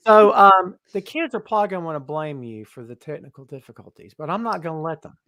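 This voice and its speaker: A man with a high, light voice hosts a live talk stream, joking and ribbing the viewers as he greets them one by one. The sound is close and dry, with no room echo on his webcam mic. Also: animated, fast, bright, forceful tone. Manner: jokey, teasing, greets viewers by name. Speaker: host of a live wrestling talk show. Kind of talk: casual live-stream chat.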